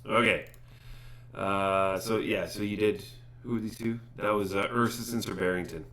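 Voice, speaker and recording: Bright-voiced man running a tabletop game. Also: fairly low pitch, steady tone. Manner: halting, self-correcting narration. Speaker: game master. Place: home streaming setup.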